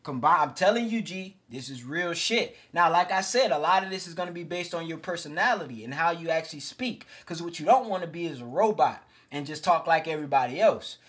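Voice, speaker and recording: A man's voice: a little high, animated, a little fast, hardly any pauses, a bit bright, husky. A man giving casual, emphatic self-improvement advice straight to his viewers, calling them fellas. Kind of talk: direct-to-camera advice talk.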